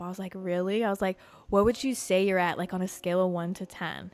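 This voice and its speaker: A woman hosting a podcast, telling a story in a blunt, profane, animated way. She grew up in Georgia and talks in a casual monologue. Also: lowish voice, quick pace, soft background music. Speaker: podcast host.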